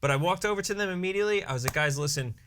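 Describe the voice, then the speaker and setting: A man, a wedding DJ and emcee co-hosting a podcast, telling a story in a casual, animated way and peppering it with "you know" and "right". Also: sits high, racing, slight background noise. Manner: animated storyteller who briefly acts out his own hype announcements.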